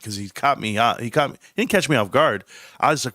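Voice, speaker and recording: A man's voice: medium pitch, fast talker, sharp tone, no room sound, clean studio sound. Blunt rambling man livestreaming. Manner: blunt, rambling, self-interrupting. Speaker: stock livestream host. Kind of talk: casual livestream commentary.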